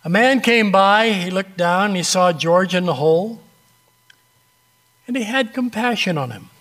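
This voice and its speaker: A man preaching a sermon, telling an illustrative story with dramatic pauses and a conversational, direct manner. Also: sits high, lively intonation, fairly bright tone.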